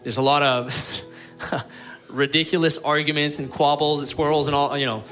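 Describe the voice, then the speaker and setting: A man's voice: fairly high pitch, steady tone, normal speed, soft background music. Earnest man preaching a sermon. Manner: earnest, pleading, shifts between emphatic and quiet tones. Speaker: pastor. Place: church.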